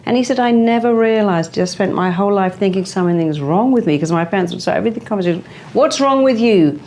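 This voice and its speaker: A woman's voice: mid-range voice, expressive, a little fast, darkish tone, slight background noise. A woman telling stories in an interview, acting out the voices of the people she quotes. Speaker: hypnotherapist guest. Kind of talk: motivational interview talk.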